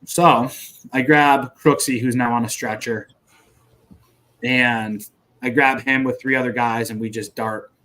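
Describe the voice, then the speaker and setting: A man's voice: medium pitch, measured pace, slight background noise. Profane veteran man telling war stories. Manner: profane, vivid, animated retelling with sound effects. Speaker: podcast guest, military veteran. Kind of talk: casual war storytelling.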